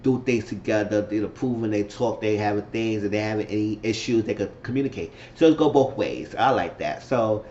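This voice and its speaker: A man giving a casual recap of a reality-show episode. He talks in an animated way and acts out the people he quotes. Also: lowish voice, brisk, few pauses, roomy sound, highs cut off, a little hiss or hum. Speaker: YouTube reality-show reviewer.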